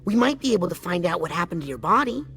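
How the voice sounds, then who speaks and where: A woman's voice: fairly low pitch, sing-song, fast, fairly bright tone, slight background noise. A woman voicing a curious young boy agent, earnest and a bit cheeky.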